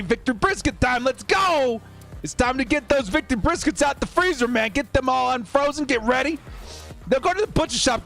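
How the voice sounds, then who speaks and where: A high-pitched man in his thirties hosts a live fan watch stream, calling plays and reading out donation messages. He talks with exuberant energy and breaks into shouts. Faint music plays behind him. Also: vocal fry. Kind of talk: excited live game commentary and chat reading.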